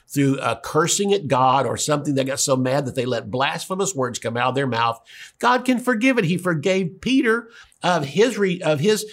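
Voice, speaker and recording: A middle-aged man preaching a sermon, telling a story and jumping up in pitch to stress his points. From Oklahoma. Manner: storytelling, with sudden pitch jumps for emphasis.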